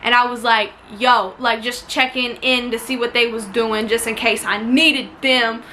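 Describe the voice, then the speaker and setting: A woman with a high, bright voice tells a tense story from her own life, straight to camera at home. She talks loose and slangy, swears freely, and jumps into the voices of the people in the story. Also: normal speed, slight background noise. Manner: animated, slangy, swears freely, acts out quotes. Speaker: vlogger telling a story. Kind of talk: casual storytime. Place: indoors at home near a window.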